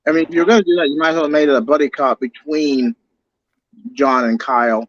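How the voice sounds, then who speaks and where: A man's voice: fairly high pitch, fairly even intonation, brisk, muffled recording. A man co-hosting a podcast, casually discussing a comic-book film in an analytical way and arguing fine points. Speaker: podcast co-host.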